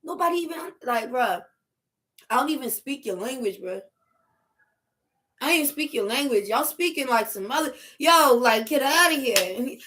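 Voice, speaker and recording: A middle-aged woman, chatting casually on a livestream, loud and animated, laughing and shouting at times. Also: high voice, moderate pace. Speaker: livestream host.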